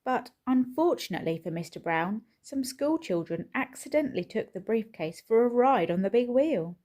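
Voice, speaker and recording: Woman storyteller, picture book read aloud, sing-song rise and fall, mellow tone. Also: on the high side, lively intonation, normal speed. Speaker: children's storyteller.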